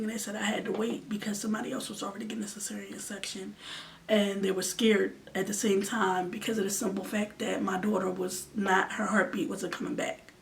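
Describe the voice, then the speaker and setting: A woman's voice: medium pitch, vocal fry. A woman in her twenties telling an emotional storytime in an earnest way, sometimes sinking to a near-whisper. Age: 20s. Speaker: vlogger. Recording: distant mic with faint background noise.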